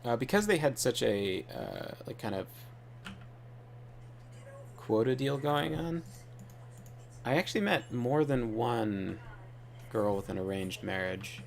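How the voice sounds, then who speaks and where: Gravelly-voiced man rambling while gaming. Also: medium pitch, animated, takes it slowly, long pauses, a little hiss or hum. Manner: rambling, offhand storytelling while playing. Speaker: gaming channel host. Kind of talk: casual gaming commentary.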